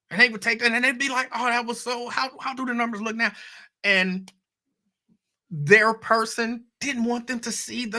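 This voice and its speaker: A man hosting a show, telling stories from his radio career in a casual, conversational way and speaking straight to his listeners. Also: extremely high pitch. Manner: conversational storytelling, animated asides to listeners. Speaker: radio host. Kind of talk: casual monologue.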